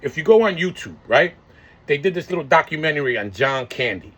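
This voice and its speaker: A man's voice: a little high, animated, a little fast, a bit bright, slightly rough. A man in his forties talks to his viewers in a casual vlog, rambling, swearing and full of slang. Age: 40s. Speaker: vlogger. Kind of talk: casual monologue.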